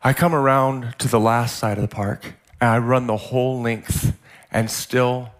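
In a measured, mid-range voice with fairly even intonation, a middle-aged pastor from California delivers a sermon. His story carries strong emotion, with repeated words, shouts at its peaks and near-whispered drops.

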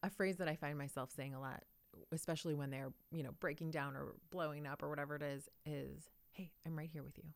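A woman's voice: deep voice, steady tone, quick pace, dry recording. A woman in her thirties talking in a thoughtful, reflective way on a podcast and laughing often. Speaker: podcast co-host. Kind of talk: casual conversation.

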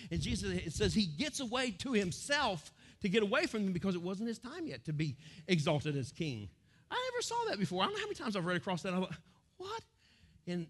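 A middle-aged man from the United States, preaching a sermon as pastor and acting out crowds and quotes in sudden loud bursts. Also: high voice.

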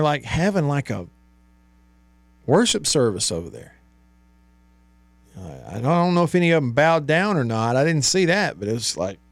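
Man hosting sports radio, animated and exasperated, slightly high voice, dry studio sound. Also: dry recording. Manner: animated, exasperated, rhetorical, rising to near shouts. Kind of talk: sports talk radio monologue. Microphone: studio microphone.

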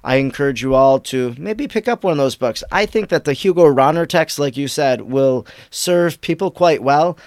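A man hosting a devotional podcast, reading tweets aloud and reflecting on them in warm commentary. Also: mid-range voice, lively intonation, moderate pace, hardly any pauses, no room sound, studio quality. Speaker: podcast host.

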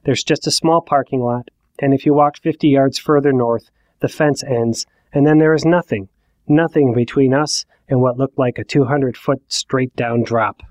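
A man's voice: mid-range voice, moderate pace, darkish tone, no echo. Wry self-mocking man in his forties. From Ohio. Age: 40s. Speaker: narrator. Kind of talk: first-person storytelling.

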